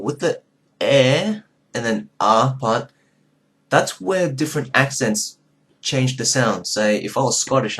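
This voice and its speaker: Chatty man teaching tones in a video lesson. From southern Vietnam. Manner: chatty, many fillers, swings pitch to show tones. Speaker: language teacher.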